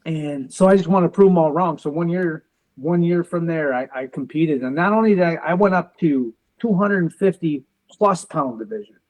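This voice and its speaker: Animated, high-voiced storytelling man. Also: moderate pace, low-quality recording. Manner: animated storyteller who acts out dialogue, defiant and determined. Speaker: interview guest, military veteran. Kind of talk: conversational storytelling interview.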